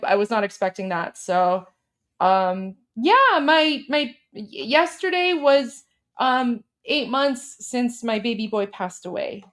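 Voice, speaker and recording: A woman with a fairly high voice hosts a live stream in a loose, chatty way. She is blunt and opinionated, peppers her talk with "like" and "um", and reacts to viewer messages as she goes. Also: expressive, slow, fairly bright tone. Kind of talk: casual live-stream commentary reading viewer chats.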